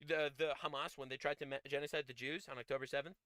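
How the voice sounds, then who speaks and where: A man hosting a live stream, giving mocking commentary on clips with loud excited outbursts. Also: on the high side, fast talker.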